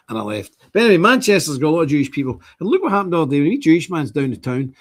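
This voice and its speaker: A man's voice: a little high, sing-song, very fast, few pauses. An older man hosting a livestream, talking casually and ranting indignantly in bursts. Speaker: streamer host.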